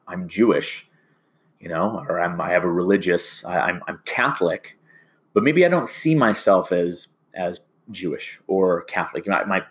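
A man with a fairly low voice teaching a class. He rambles and stumbles over restarts as he walks through the lesson. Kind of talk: classroom lecture.

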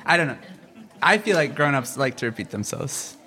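A man doing a kids' stand-up comedy set in a rambling, halting, self-deprecating way. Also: mid-range voice, very animated, bright, forceful tone.

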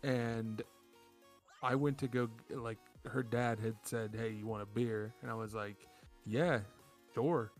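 A man's voice: mid-range voice, steady tone, takes it slowly, soft background music. A man co-hosting a podcast, telling party stories in casual chat with a laid-back, swearing manner. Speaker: podcast co-host.

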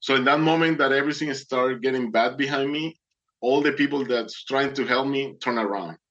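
Man, mid-pitched, earnest testimony storyteller, slightly muffled recording. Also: normal speed, a bit bright. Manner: earnest, dramatic, acts out voices.

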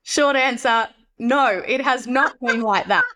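A woman's voice: a little high, unhurried, pushed and bright. A woman guest on a podcast, speaking earnestly and reflectively about her life in casual conversation. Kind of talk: casual interview chat.

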